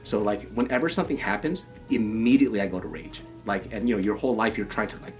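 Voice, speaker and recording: A man's voice: lowish voice, fast, faint music behind. A man in his thirties telling stories in casual chat as a podcast co-host, profane and often laughing.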